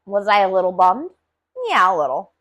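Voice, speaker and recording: A woman's voice: medium pitch, animated, moderate pace, a bit bright. A woman hosting a casual solo podcast, rambling and chatty with lots of filler words and casual swearing. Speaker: podcast host reviewing cannabis.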